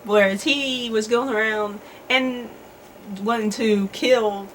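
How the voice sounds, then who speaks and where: A woman co-host in a casual chat, talking in a relaxed, rambling way with fillers and laughs. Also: a little high, slow, slight background noise, rough recording.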